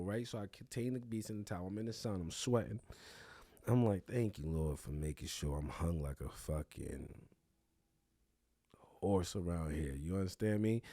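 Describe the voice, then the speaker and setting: A young podcast host with a medium-pitched voice, recorded dry in studio quality, tells a crude comedic story. He's animated and profane, swearing freely and bragging for laughs.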